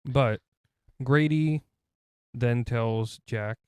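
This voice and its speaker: A man's voice: mid-range voice, measured pace, a little mellow, clean tone, dry recording, studio quality. A man co-hosting a podcast who chats playfully about a film, asking questions and cracking jokes. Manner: chatty, playful jokes, often asks questions. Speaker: podcast co-host. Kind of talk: casual film discussion.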